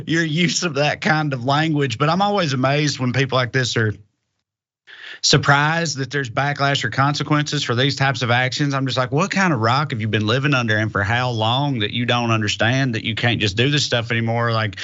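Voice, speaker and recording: A man's voice: medium pitch, moderate pace, bright, forceful tone, dull audio. A man commenting casually, in a wry, incredulous and conversational way. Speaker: guest commentator.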